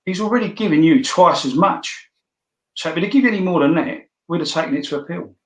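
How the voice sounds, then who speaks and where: A man's voice: on the high side, fast. Blunt swearing man telling stories, roomy echo. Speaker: podcast guest. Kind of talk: casual storytelling.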